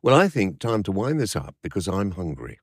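An older man, co-hosting a casual chat, talking haltingly with many restarts and fillers. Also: low voice, sing-song, slightly rough, no room sound, studio quality. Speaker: podcast co-host.

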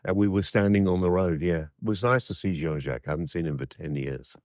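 An older man, co-hosting a casual chat, talking haltingly with many restarts and fillers. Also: sits low, a little mellow, no room sound, studio quality. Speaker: podcast co-host.

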